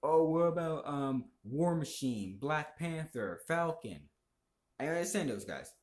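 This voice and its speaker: A man's voice: on the high side, very animated, measured pace, darkish tone. A man ranting casually about movies, heated and profane, rambling from point to point. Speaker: vlogger. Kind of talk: casual opinion rant. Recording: echoey room.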